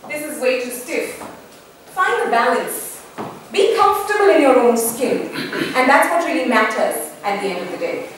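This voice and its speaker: A woman gives a lively conference talk with a high voice that swings up and down. She acts out the examples she quotes. She is heard from afar in a very echoey hall with faint room noise behind her. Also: moderate pace, distant mic. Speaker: panel speaker.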